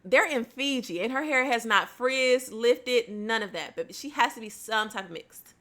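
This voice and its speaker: A woman's voice: a little high, normal speed, a bit bright. A young woman, chatting casually on a home livestream, laughing often and addressing viewers by name.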